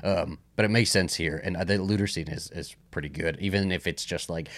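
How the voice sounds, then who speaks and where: A man's voice: on the low side, expressive, brisk, few pauses, fairly bright tone, no room sound, clean studio sound. A man co-hosting a film podcast, rambling in casual chat with lots of fillers and restarts. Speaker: podcast co-host.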